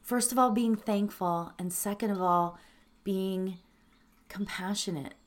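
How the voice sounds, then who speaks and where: A woman introducing a guided meditation, speaking earnestly and emotionally, halting and teary with soft laughs. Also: mid-range voice.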